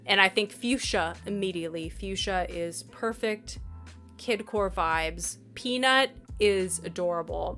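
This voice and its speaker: Congested woman streamer, bubbly and chatty, mid-pitched, faint music behind. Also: normal speed, fairly bright tone. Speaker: live streamer. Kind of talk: casual live-stream chat reading viewer messages.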